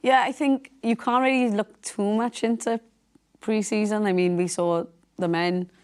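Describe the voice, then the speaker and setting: A woman's voice: medium pitch, fairly even intonation, a little slow, smooth. A woman football pundit chatting casually, thinking aloud with many fillers. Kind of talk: casual chat.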